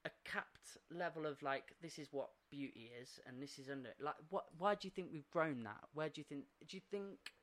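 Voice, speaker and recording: Bloke cohosting a chatty podcast, lots of laughing, acts out what people said. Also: male voice, fairly high pitch, normal speed, few pauses. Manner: animated storyteller, acts out quotes, laughs often. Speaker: podcast co-host. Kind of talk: casual podcast chat.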